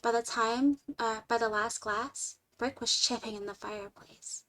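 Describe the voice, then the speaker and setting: A woman streamer reading a short story aloud in an expressive way, moving between lively and hushed delivery. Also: on the high side, a little slow.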